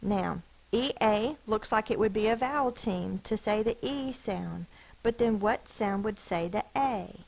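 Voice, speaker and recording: Female elementary teacher, deliberate phonics delivery, slightly gravelly voice. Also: mid-range voice, poor audio. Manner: slow, deliberate, sounds out each letter and syllable. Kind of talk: phonics lesson, sounding out words.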